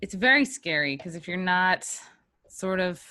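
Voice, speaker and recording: A woman's voice: fairly low pitch, animated, a little slow, bright, forceful tone. A woman hosting a podcast, reading sponsor spots and chatting in an upbeat, jokey way. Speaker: podcast host. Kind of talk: casual podcast chat with ad reads.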